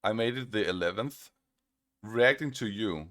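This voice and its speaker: A man's voice: lowish voice, animated, measured pace, a bit bright. A man from Australia, recording a casual commentary video where he answers a critic in a sarcastic, mocking tone and repeats his points. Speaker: online video creator responding to a critic.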